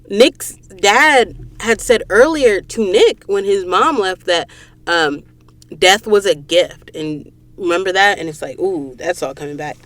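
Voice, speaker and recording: A woman from Georgia hosts a casual book podcast, recapping plot in a lively, gushing way. She drops into hushed asides now and then. The sound is dry and close, with no room in it. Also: mid-range voice, no room sound. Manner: animated, gushing storyteller, slips into whispers and asides. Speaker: podcast host. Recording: dry close recording booth.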